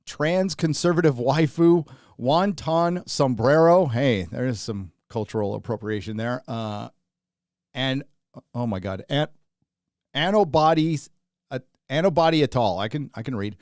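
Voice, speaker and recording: Man, livestream host, tired, rambling casual chat, middle pitch, dry close sound. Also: measured pace, a little mellow, no echo. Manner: rambling, reads viewer names aloud in bursts. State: tired, running on little sleep.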